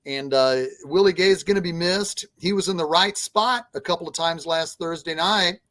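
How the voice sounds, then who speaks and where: A man co-hosting a casual sports podcast, giving earnest, measured analysis with some fillers. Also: on the high side, a bit bright, no room sound. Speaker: podcast co-host.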